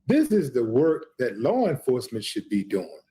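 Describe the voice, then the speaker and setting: A man's voice: mid-range voice, huge pitch swings, moderate pace, warm tone. A man hosting a live stream commentary, emphatic and addressing his viewers as family. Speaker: host.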